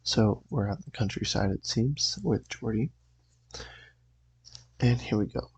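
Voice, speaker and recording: A young man hosting a channel, reading a comic aloud in a casual, rambling way with a raspy voice. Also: lowish voice, measured pace, dry recording, rough recording. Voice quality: raspy, gravelly.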